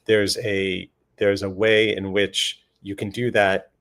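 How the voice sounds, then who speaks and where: A man speaking as a panel guest in a casual discussion, earnest and animated, slipping quick quoted asides into his stories. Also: lowish voice. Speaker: panel guest on voting and redistricting.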